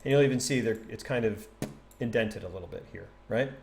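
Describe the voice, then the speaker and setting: A man casually teaching a poem on a livestream, chatty and animated, thinking aloud and tapping out rhythms. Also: on the low side, a little fast, vocal fry, slight background noise. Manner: taps out rhythm with nonsense syllables. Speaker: streamer explaining a poem.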